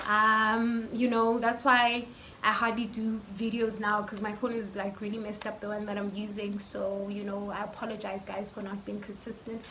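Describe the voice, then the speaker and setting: A South African woman telling a story in a casual vlog, chatty and animated with lots of fillers, filmed on her phone. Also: medium pitch, moderate pace. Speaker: YouTuber. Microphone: phone camera. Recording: faint background noise from phone mic.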